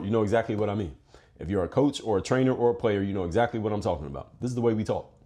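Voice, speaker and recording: A man's voice: lowish voice, warm tone. A man from Philadelphia hosting a podcast, giving a blunt, profane motivational monologue. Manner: profane, direct, fast-talking. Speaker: podcast host.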